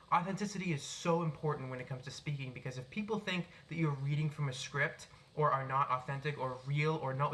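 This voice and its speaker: Bright, projecting young man from Boston. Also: on the high side, slight background noise. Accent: neutral American, Boston traces. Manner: projected, animated delivery. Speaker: self-help speaker. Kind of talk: unscripted tips video. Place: his apartment. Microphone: cell phone, no microphone.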